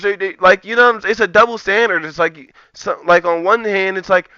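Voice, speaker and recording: A man's voice: sits high, normal speed, few pauses, bright, forceful tone, smooth, no room sound, dull audio. A man streaming live, ranting profanely and rambling in a heated, casual way. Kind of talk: live-stream commentary rant.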